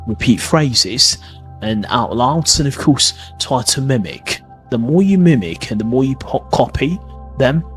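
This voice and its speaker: On his podcast, a man teaches pronunciation, frequently starting sentences over and asking listeners "okay?" to check in. His voice is medium in pitch and fairly bright.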